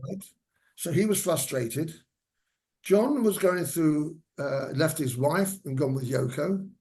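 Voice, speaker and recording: A man's voice: a little high, animated, takes it slowly, darkish tone. An older man, a former hairdresser, telling rambling anecdotes with many fillers as a guest speaker in a lecture. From England. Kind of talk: lecture storytelling. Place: senior center lecture hall.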